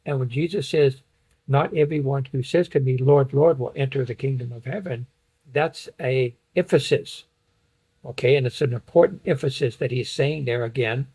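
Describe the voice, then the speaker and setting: A man with a husky, breathy voice at a middle pitch leads a Bible study lesson. He walks through a passage on slides point by point and reads verses aloud as he explains them. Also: normal speed, dark tone, poor audio. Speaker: Bible teacher.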